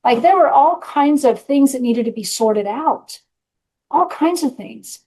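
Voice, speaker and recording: A middle-aged woman with a fairly high voice tells her own story of recovery. She talks bluntly and frankly, with earthy language, in a candid, personal way. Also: expressive, a little slow, dark tone, low-quality recording. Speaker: podcast host and recovery coach.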